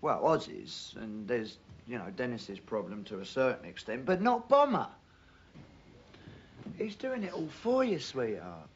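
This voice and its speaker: An actor playing a cocky, joking young builder with a Geordie accent in a 1980s TV comedy-drama, matey and kind at heart. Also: male voice, mid-range voice, big pitch swings, unhurried. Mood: steady, kindly. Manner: joking, matey, calls people love and son. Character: cocky young male builder abroad, jokey but decent. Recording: dull lo-fi TV audio, faint hiss.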